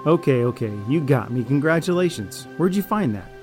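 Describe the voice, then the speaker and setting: A man's voice: a little high, expressive, a little fast, music in the background. A man voicing a manipulative male raider in an audio drama, falsely friendly and then arrogant and threatening. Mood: smug, menacing. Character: smug, deceitful male raider, manipulative and menacing.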